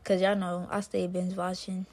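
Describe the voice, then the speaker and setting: A woman's voice: on the low side, normal speed. Slangy, rambling woman podcast host. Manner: animated, slangy, rambling with many fillers. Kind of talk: casual solo podcast chat.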